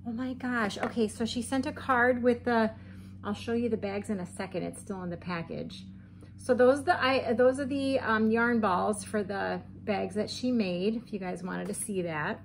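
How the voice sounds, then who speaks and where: Chatty gushing woman vlogger, slightly high voice. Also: unhurried, creaky, a little hiss or hum. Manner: chatty and gushing, with frequent ums and light laughs. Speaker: crochet vlogger. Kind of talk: casual chat to camera. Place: home room with setting sun through the window.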